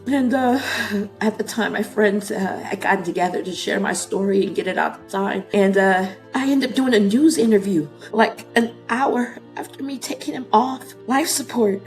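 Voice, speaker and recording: A woman's voice: fairly even intonation, moderate pace, few pauses, a little mellow, soft background music. A woman in her thirties telling a painful personal story in an interview, her voice often breaking with emotion. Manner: tearful, voice breaking and rising into high emotion.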